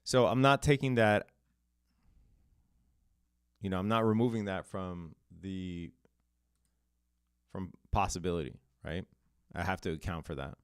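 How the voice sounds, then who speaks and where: A man's voice: deep voice, unhurried, long pauses, clean tone, dry recording, clean studio sound. A man streaming live day trades, casually explaining his setups and bantering with chat. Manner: chatty, reads chat aloud, laughs it off.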